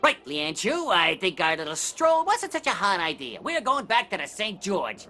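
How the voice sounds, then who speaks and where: Cartoon coward: whiny, sarcastic, pitch swinging all over. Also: male voice, sing-song, moderate pace, heavily acted. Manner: sarcastic, whiny, prone to shouting. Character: cowardly sarcastic grumbling small male dragon hunter. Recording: cartoon soundtrack with loud music.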